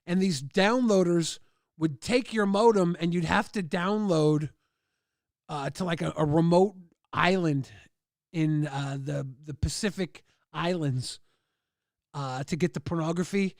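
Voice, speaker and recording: A man with a high, gravelly voice rambles through crude stories, full of "like" and loose asides. He jumps into other people's lines with a raised voice. The sound is dry and close, with no room around it. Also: a little slow, dry recording. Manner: rambling crude anecdotes with many "like" fillers. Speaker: livestream host. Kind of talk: casual storytelling.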